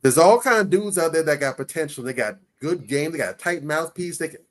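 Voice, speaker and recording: A man's voice: fairly high pitch, lively intonation, a little fast. A man hosting a casual podcast, giving blunt, preachy advice with rhetorical questions and emphatic repetition. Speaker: podcast host.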